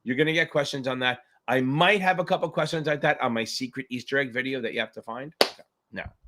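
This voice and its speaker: A man's voice: medium pitch, fast, background noise. A man hosting a live exam-prep Q&A stream, chatting casually with jokes and profanity. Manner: joking, profane, rambling.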